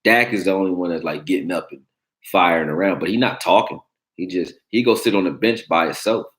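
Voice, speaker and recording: Deep-voiced blunt sports talk host. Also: male voice, a little fast, fairly bright tone. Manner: blunt, profane, joking, reacting to chat. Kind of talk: casual sports talk livestream.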